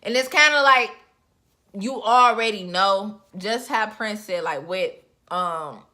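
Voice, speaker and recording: A young woman talks straight to her viewers in loose, chatty commentary. Her voice has a bright, sharp edge and leaps higher whenever she gets worked up. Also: takes it slowly. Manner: chatty, expressive, with sudden pitch jumps. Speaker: reality TV reviewer. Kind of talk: casual chat.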